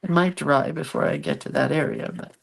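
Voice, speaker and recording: A middle-aged craft vlogger talks casually to viewers while working on a craft project, chatty and self-deprecating. Her low voice is gravelly and a little fast, and there's noise in the background.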